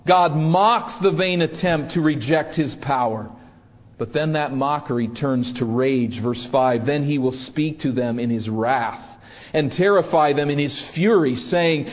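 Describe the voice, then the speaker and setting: Male preacher, slightly high voice, posing rhetorical questions; muffled recording in a reverberant church. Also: unhurried. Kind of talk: sermon.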